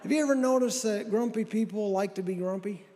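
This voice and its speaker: A man's voice: high voice, brisk, mellow, big-room sound, slight background noise. A middle-aged man telling folksy, self-deprecating stand-up stories from a stage, acting out the lines of people in them. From American Southwest. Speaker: stand-up comedian. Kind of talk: stand-up storytelling. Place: church hall with audience.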